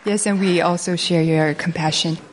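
A woman's voice: on the low side, fairly even intonation, normal speed, a crowd in the background, noisy background. A woman moderating a formal event, politely announcing questions and speakers. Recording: long echo of a large hall.

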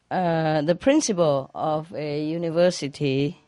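Woman joke teller, low-ish voice, unhurried, keeps breaking into giggles at her own punchlines. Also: no echo, clean studio sound. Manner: laughs at her own jokes often; non-native grammar, drops verb endings. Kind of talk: telling jokes to an audience.

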